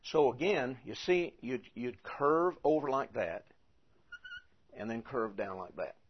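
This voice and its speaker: A man's voice: mid-range voice, expressive, unhurried, breathy edge, lo-fi sound. A man teaching a lesson, patiently repeating and spelling things out as he goes. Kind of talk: teaching the Greek alphabet.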